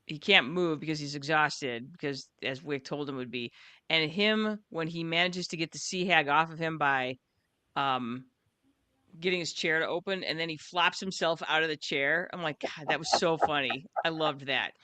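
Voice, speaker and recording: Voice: medium pitch, moderate pace, bright, forceful tone, no echo. A co-host talking casually and with enthusiasm over a video call, often repeating words. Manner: enthusiastic, repeats words, laughs at own retelling. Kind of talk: casual chat.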